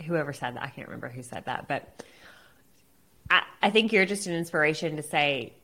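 Lower-voiced woman hosting with a bright tone. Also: animated, a little fast. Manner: friendly, laughs often, encouraging. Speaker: podcast host, social media manager. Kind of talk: casual podcast interview.

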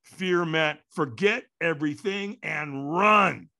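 A man telling a story as a podcast guest, animated and acting out quotes with sudden shouts. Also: on the high side, takes it slowly, creaky.

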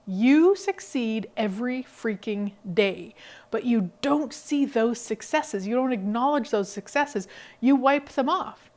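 Upbeat woman, slightly high voice. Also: slow pace. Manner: energetic, emphatic, laughs often. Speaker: podcast host. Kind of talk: motivational solo talk.

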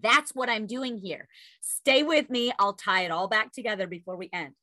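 A woman in her thirties giving an energetic motivational sales talk, calling her listeners friends and telling a personal story. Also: medium pitch, moderate pace, no room sound. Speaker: sales coach.

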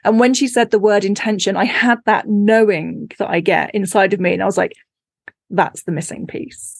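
A woman's voice: medium pitch, steady tone, a little fast, creaky, no room sound. A woman, a podcast guest and author, telling stories in a casual chat and acting out her own reactions with laughs. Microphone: remote call.

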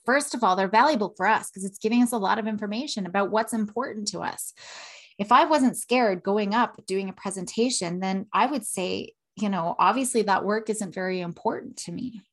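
Podcast host, woman, 30s, chatty and expressive, acts out little quotes, mid-pitched voice. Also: brisk. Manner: animated, acts out emotions and quotes with tag questions. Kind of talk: casual teaching monologue.

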